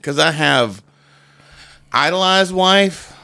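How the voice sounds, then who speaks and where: A man's voice: fairly high pitch, expressive, slow, pushed and bright. A man co-hosting a podcast, bantering in wry, profane, casual chat. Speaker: podcast co-host.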